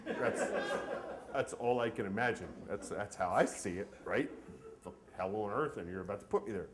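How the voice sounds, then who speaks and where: A man telling a comic story about himself at a live story event, in an animated, joking way. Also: fairly low pitch, normal speed, very noisy. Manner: animated, comic, self-mocking.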